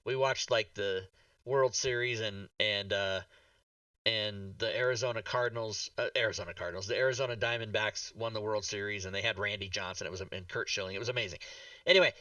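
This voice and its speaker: A man hosting a podcast, telling a rambling, animated story full of swearing and acted-out reactions. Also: fairly low pitch, fairly quick, dry recording, recorded from a distance, highs cut off. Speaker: podcast host. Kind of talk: casual chat.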